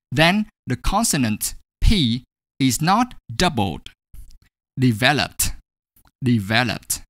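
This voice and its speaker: A man teaching an English grammar lesson, speaking slowly and deliberately and saying each example word twice. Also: mid-range voice, pushed and bright, dry recording, clean studio sound.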